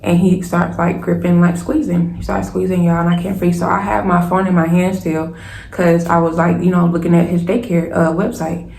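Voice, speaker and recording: A young woman, telling a personal story to her viewers in a lively, casual way and calling them y'all. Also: lowish voice, moderate pace, vocal fry. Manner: animated, keeps addressing viewers as y'all. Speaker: storytime vlogger. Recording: echoey room with faint hiss.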